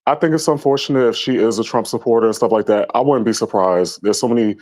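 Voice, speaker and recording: A man's voice: medium pitch, fast, darkish tone. A man calling in to a show, giving his opinions with frequent hesitations. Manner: hesitant, many ums. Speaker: caller. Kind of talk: casual phone-in opinion.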